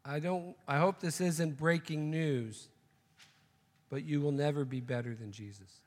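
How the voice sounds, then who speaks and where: A man's voice: fairly high pitch, fairly even intonation, a little slow, a little mellow, long reverb tail. A man preaching a sermon, telling a joke story and then making emphatic, repeated points. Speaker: pastor.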